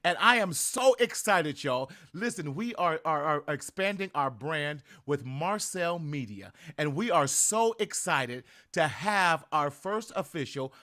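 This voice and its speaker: A man's voice: fairly high pitch, expressive, measured pace, hardly any pauses, pushed and bright. A middle-aged man from Southern California hosting a live-streamed podcast launch party, hyped and casual, repeating calls for viewers to come on in. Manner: hyped, repetitive calls to join, casual slang. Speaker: podcast host.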